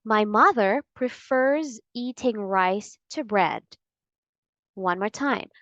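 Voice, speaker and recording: A woman teaching English pronunciation, speaking patiently and repeating model sentences slowly. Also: medium pitch, fairly bright tone, no echo. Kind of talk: slow, deliberate pronunciation lesson. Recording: dry, slightly dull sound.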